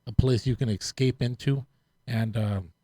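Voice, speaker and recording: A man's voice: medium pitch, dark tone, no room sound. Dj guy hosting his stream show, rambling, restarts a lot, mid voice, dry close mic. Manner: rambling, halting, with many restarts. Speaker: host and DJ. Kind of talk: casual chat.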